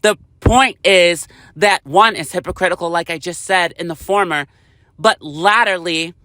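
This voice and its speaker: A man's voice: sits high, moderate pace, sharp tone, no echo, studio quality. A man delivering a heated, profane political rant to camera, hammering his points with emphatic repetition. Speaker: vlogger.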